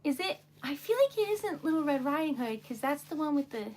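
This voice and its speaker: High-voiced chatty woman. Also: lively intonation, a little fast, few pauses. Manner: chatty and self-encouraging, drops to a whisper when concentrating. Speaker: livestream host making wax seal stickers. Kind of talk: casual livestream chat.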